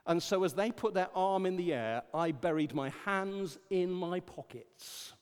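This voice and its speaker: An older man preaching with a fairly high voice, swinging between loud emphatic lines and quiet anecdotes. His words ring out with a long reverb, as in a large church hall. He talks with a preacher's sense of timing. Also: lively intonation, a little slow, clear, resonant tone. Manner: rises to emphatic declarations, then drops to quiet storytelling. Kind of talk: sermon.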